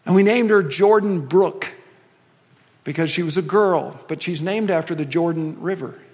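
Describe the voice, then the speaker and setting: A middle-aged male pastor with a high voice preaches in a conversational, joking tone, full of asides and quips. His words ring out with a long reverb in a large church hall. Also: moderate pace. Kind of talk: sermon.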